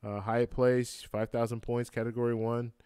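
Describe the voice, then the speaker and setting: Man, live-stream host, relaxed rambling chat, many fillers, smooth tone, dry close mic. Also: mid-range voice, no room sound. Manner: relaxed, halting, many fillers and restarts, laughs easily. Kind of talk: casual live-stream chat reading comments. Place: home room with a computer fan. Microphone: close-up microphone.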